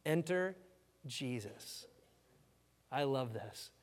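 Animated preacher in a reverberant hall. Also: male voice, mid-range voice, very slow. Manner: animated, repeats words, asks the congregation "amen?". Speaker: pastor. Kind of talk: sermon.

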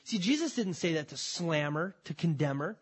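A man's voice: on the high side, expressive, normal speed, husky. A pastor preaching a conversational sermon, talking to his congregation with frequent restarts.

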